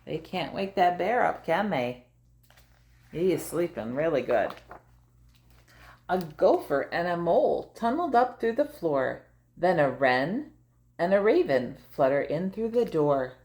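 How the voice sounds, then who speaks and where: An older woman reading a picture book aloud to her grandchild, gentle and playful, pausing to ask questions. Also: fairly low pitch, very animated. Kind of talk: storybook read-aloud to a child.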